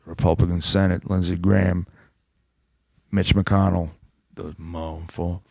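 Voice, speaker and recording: A man with a lowish voice reads a bedtime story aloud in a playful way, dropping deadpan jokes between lines. The sound is very dry and close. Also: measured pace, gravelly, no room sound.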